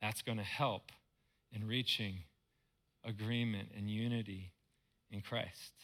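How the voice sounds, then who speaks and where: A man's voice: fairly low pitch, fairly even intonation, slow, fairly bright tone. A man, a pastor, preaching a sermon in earnest, repeating words for emphasis.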